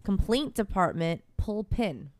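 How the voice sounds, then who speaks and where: Woman host, casual news chat, clear smooth tone, dry close mic. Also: mid-range voice, animated, unhurried, darkish tone, dry recording. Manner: reads stories, then banters.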